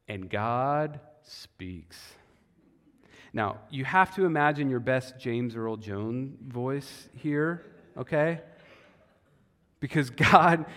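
A man preaching a sermon as pastor, conversational and animated, often repeating words as he goes. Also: medium pitch. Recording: long hall reverb.

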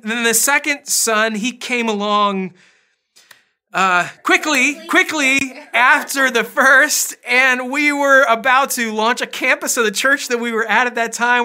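A man's voice: extremely high pitch, sharp tone. A man pastor preaching a casual, conversational sermon, telling family stories with self-deprecating asides.

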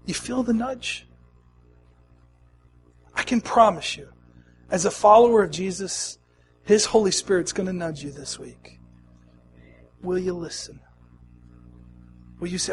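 A middle-aged man preaching a sermon as pastor, moving between hushed, quiet lines and loud, emphatic ones. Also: high-pitched, a little slow, pauses often, a little hiss or hum.

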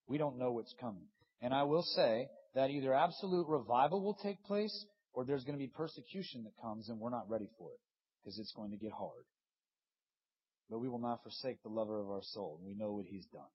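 Husky impassioned male preacher in his thirties. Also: medium pitch, fairly quick, lo-fi sound. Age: 30s. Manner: impassioned, swings from loud urging to hushed. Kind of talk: sermon.

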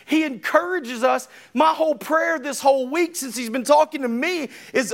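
A man in his thirties, a preacher delivering an emphatic, conversational sermon with sudden loud bursts. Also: very high-pitched, moderate pace, creaky, few pauses. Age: 30s.

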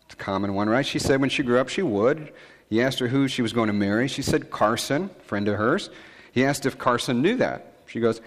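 A male pastor preaching a conversational sermon, telling stories in a relaxed way with frequent fillers and asides. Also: medium pitch, fairly quick, big-room sound.

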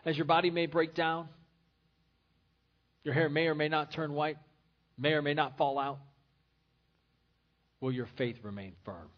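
A man's voice: on the high side, fairly even intonation, unhurried, long pauses, highs cut off. A man pastor preaching a sermon in an earnest, repetitive style. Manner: earnest preaching with repeated phrases.

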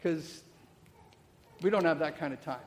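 A middle-aged man with a high voice preaches in a church, his words trailing off in a long hall reverb. His talk is loose and conversational, stacked with rhetorical questions and quick "okay?" check-ins. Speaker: pastor. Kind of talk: sermon.

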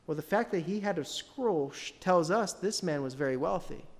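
A high-pitched male pastor preaches in a conversational way, putting questions to the congregation with lively intonation at a moderate pace. A long hall reverb surrounds his voice.

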